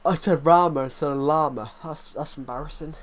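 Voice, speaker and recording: A young gaming livestreamer with a brisk, higher-pitched voice chats casually while he plays. He rambles, pokes fun at himself, and gets sidetracked easily.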